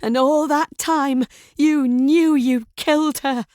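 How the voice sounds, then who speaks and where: A woman voicing a betrayed, furious middle-aged wife who shouts at her husband in a crime audiobook. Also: on the low side, a little slow, dry recording, studio quality, lightly acted. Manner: shouting, fierce.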